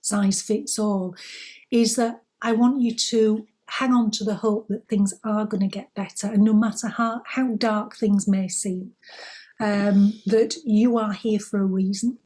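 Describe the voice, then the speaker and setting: A woman co-hosting a spiritual talk, giving gentle, reassuring advice. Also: mid-range voice, steady tone, measured pace, husky. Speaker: spiritual co-host.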